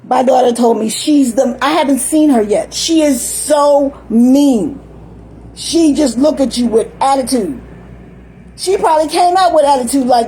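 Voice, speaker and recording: A woman's voice: high voice, expressive, normal speed, mellow, a little hiss or hum, poor audio. An older woman talking in a rambling, chatty monologue, often laughing and acting out little voices. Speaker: vlogger.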